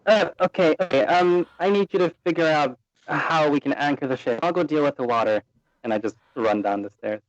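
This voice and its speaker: A man's voice: fairly high pitch, a little fast, dry recording, low-quality recording. A man playing a tabletop game, planning his moves aloud in a hesitant way. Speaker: player.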